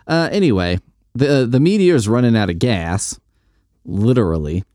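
A man in a dry, close podcast recording recaps comics in a loose, profane, joking ramble. His timbre is mellow and dark, but his pitch swings widely as he riffs. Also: expressive, moderate pace, no room sound. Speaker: podcast host. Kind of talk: casual comic book recap chat.

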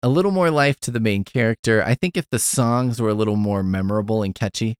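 A man's voice: on the low side, fast talker, smooth, no room sound, studio quality. A man hosting a podcast, giving a rambling, profane, wry casual review of a film. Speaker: podcast host.

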